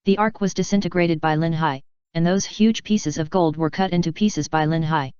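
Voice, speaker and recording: A woman narrating a fan fiction audiobook in an even, measured reading. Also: low-pitched, clean tone, dry recording, lo-fi sound. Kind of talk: scripted narration.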